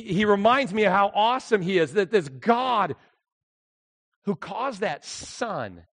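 High-voiced preacher swinging from hush to shout. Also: male voice, vocal fry, no echo. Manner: swings from hushed storytelling to shouted exhortation. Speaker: pastor. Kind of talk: sermon.

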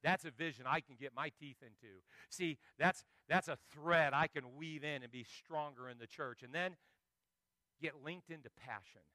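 A man preaching a sermon as pastor, telling animated stories and joking with the congregation. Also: on the high side, moderate pace, no echo.

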